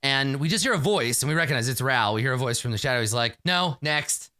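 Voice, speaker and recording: Animated, bright-voiced man running a tabletop game. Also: mid-range voice, rapid-fire, dry recording. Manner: rambling, animated storytelling with many fillers. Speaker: game master.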